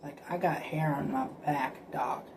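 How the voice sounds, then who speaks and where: A man's voice: a little high, fairly even intonation, a little slow, noisy background. A man ranting casually to camera, profane and repetitive, often stammering and restarting. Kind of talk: casual rambling rant.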